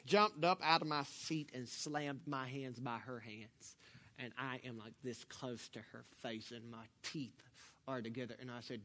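A man pastor preaching a sermon, telling a personal story with jokes and swinging between hushed and loud delivery. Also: medium pitch, vocal fry. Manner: animated, joking storyteller, swings from quiet to loud.

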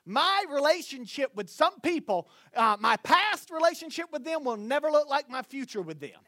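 A male pastor preaching a sermon loudly, with slow, stressed phrases. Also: very high voice, sing-song, dry recording.

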